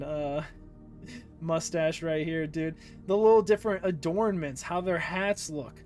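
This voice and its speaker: A man reading a manga aloud and chatting casually about the art, enthusiastic and swearing freely. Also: fairly high pitch. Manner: enthusiastic, swears a lot, says "dude". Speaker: manga reader. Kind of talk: casual read-along commentary.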